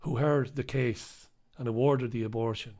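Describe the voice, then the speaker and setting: A man's voice: medium pitch, fairly even intonation, normal speed, a little mellow. A man hosting a live news review show, talking alone to his audience in an impassioned, emphatic way. He repeats his points for weight and speaks bluntly, swearing now and then. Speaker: show host reviewing newspapers. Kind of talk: live solo commentary on the news.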